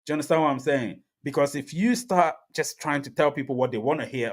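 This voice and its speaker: A man's voice: fairly high pitch, fast, few pauses. A man hosting a live crypto reaction stream, talking emphatically to his chat, repeating himself and laughing often. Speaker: crypto livestream host.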